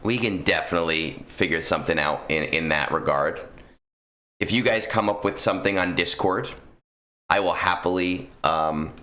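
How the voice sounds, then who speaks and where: A man's voice: sits low, moderate pace, pushed and bright. A man streaming a game, chatting casually with viewers in a rambling way full of fillers. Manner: rambling, filler-heavy, talks to chat. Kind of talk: casual gaming stream chat.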